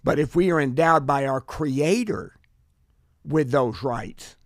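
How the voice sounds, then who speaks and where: An American man hosts a political talk radio show, speaking earnestly and slowly in a mid-range voice, often restarting sentences and repeating words. The recording is dry and studio quality.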